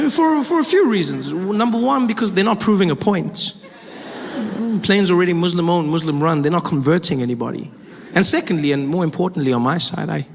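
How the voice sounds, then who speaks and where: An animated comedian performing stand-up, his fairly high voice jumping up for punchlines and dropping low for asides. The stage mic rings through a long hall reverb, and loud audience noise sits behind him. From South Africa. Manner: animated storytelling, jumps up high for emphasis, drops low in asides. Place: large live venue.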